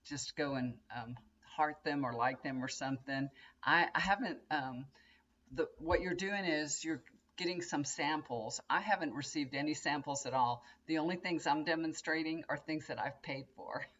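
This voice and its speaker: A woman's voice: sits low, normal speed, fairly bright tone, highs cut off. An older woman, chatting casually to camera from her bedroom in a rambling, storytelling way. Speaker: tarot reader and vlogger. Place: bedroom at home, indoors.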